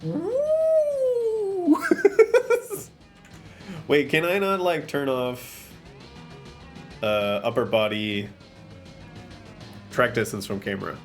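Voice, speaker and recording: A man's voice: mid-range voice, takes it slowly, long pauses, fairly bright tone, soft background music. A man streaming live, chatting casually while setting up an avatar, often slipping into playful theatrical bits.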